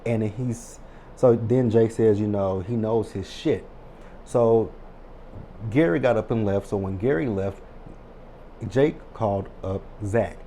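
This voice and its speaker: Man, casual recap commentary, chatty and exasperated, mellow dark voice, faint hiss behind. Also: fairly low pitch, measured pace, long pauses. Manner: chatty, exasperated asides to viewers. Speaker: TV recap host.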